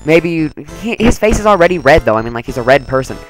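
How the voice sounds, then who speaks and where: A man's voice: fairly high pitch, sing-song, fast, soft background music, rough recording. Chatty young guy narrating a game. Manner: chatty, rambling, lots of "like". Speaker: let's play commentator. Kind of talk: casual gameplay commentary.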